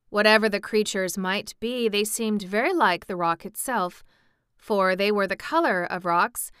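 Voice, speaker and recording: A woman reading a storybook aloud in a measured storytelling manner. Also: mid-range voice, a bit bright, clean tone, no room sound, clean studio sound. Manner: measured storytelling, lifts voice for quoted speech. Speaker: narrator. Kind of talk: audiobook narration.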